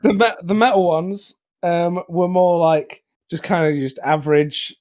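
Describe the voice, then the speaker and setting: A young man co-hosting a casual album review chat, rambling with restarts and quick laughs. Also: high-pitched, steady tone, darkish tone. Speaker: podcast co-host.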